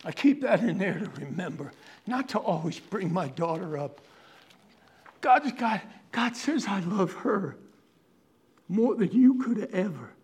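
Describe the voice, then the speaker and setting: High-voiced preaching pastor, loud to hushed. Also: male voice, lively intonation, husky. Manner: swings from loud, drawn-out preaching to hushed near-whisper; earnest, pleading, conversational. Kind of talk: sermon.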